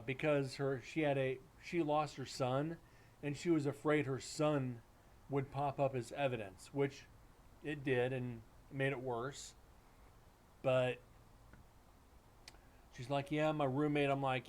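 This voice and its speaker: Middle-aged male paranormal investigator, casual rambling storyteller, mid-pitched voice. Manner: rambling, animated storytelling with many restarts and quoted dialogue. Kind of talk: casual storytelling on a live stream.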